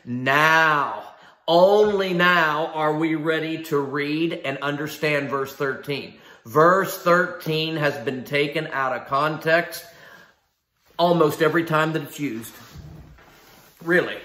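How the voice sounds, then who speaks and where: Man, preacher, sermon, fairly high voice, echo of a church room. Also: takes it slowly, sharp tone. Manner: emphatic, with rhetorical questions and repeated phrases. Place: church sanctuary.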